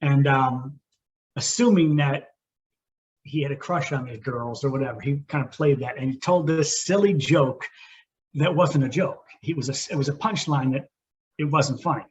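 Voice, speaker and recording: A man's voice: medium pitch, normal speed. A man in his fifties, a podcast co-host, telling stories in casual chat in a reflective, thoughtful way. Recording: muffled lo-fi with faint hiss.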